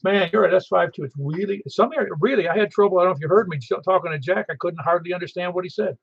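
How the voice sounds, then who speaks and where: A man's voice: high-pitched, quick pace, vocal fry, no echo. A man hosting an amateur radio net in casual chat, rambling and telling stories with many restarts. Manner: rambling, chatty, self-interrupting storyteller. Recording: slightly muffled lo-fi audio.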